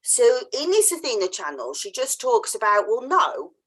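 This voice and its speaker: Podcast host, woman, somewhat high voice and very animated delivery; casual storyteller who mimics quoted voices. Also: normal speed, slightly rough. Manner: laughs often. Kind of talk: casual interview chat.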